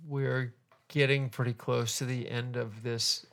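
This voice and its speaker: A woman's voice: a bass voice, level tone, a little slow, creaky. A middle-aged woman co-hosting a podcast from a home setup, with a dry, laid-back manner and blunt asides. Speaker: podcast co-host. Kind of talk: casual chat.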